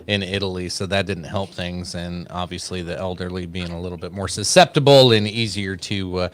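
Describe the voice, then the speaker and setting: A man co-hosting a casual podcast chat in a somewhat low voice. He sounds laid-back and teasing, and laughs easily. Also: fairly quick. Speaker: podcast co-host.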